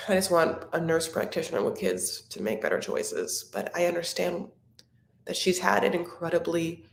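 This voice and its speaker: Her voice sits low, with a faint hiss or hum in the background. She's hosting a live recap stream from a room at home, reading viewer comments and rambling fondly in casual chat. The room gives a roomy echo.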